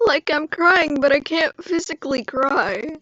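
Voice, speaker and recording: A young woman live streaming and chatting casually with her viewers, congested from allergies and prone to emotional high squeals and laughter. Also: lively intonation, unhurried, bright, forceful tone, no echo, lo-fi sound. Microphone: phone or computer mic.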